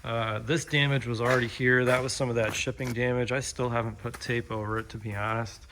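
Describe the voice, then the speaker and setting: A man talks through his workshop project in a loose, unscripted way. His voice sits at an ordinary middle pitch, and he often pauses on ums and restarts his sentences. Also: a little hiss or hum. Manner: relaxed, rambling, with frequent ums and restarts. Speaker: DIY vlogger. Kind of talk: casual walkthrough narration. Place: pole barn workshop.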